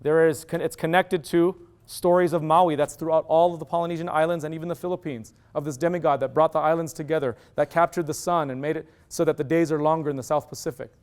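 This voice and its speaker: Smooth-voiced man telling stories in a lecture. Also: on the high side, fast talker, hardly any pauses. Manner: animated, acts out quoted dialogue. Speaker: university lecturer. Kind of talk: storytelling lecture.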